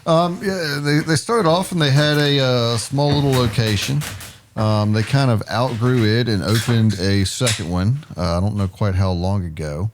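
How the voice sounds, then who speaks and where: A man co-hosting a podcast in casual chat, rambling with many ums and quick jokes. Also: medium pitch, background noise. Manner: rambling, lots of ums and uhs, jokey. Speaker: podcast co-host.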